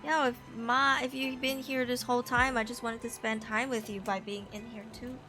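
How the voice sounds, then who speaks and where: A woman's voice: fairly high pitch, level tone, normal speed, over music. A woman streamer reacting to a game in casual commentary, blunt and swearing freely. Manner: blunt, swearing, easily riled.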